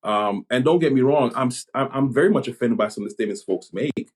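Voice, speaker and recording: A Jamaica-born man, a pastor and police chaplain, talking things through in a podcast conversation, pausing and restarting his sentences as he thinks. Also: medium pitch, breathy edge. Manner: reflective, halting, many restarts.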